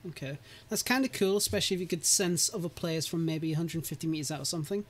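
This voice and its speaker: A man's voice: on the high side, fast talker. A man hosting a podcast in casual chat, talking easily and laughing often. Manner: chatty, laughs often, restarts. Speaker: podcast host.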